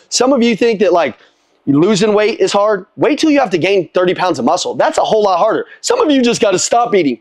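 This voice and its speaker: High-voiced blunt profane motivational man. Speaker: motivational speaker. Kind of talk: motivational coaching call.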